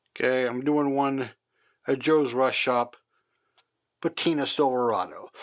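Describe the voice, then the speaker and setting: A man hosting a casual hobby vlog from home at night, tired and rambling, full of fillers and restarts as he talks to a phone camera. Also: medium pitch. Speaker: hobby channel host. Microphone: phone camera on a mount.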